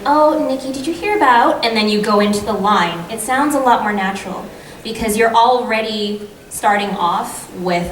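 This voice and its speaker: A woman voice actor answering audience questions on a convention panel in a chatty, eager way. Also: medium pitch. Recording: echoey hall, distant mic, noisy crowd.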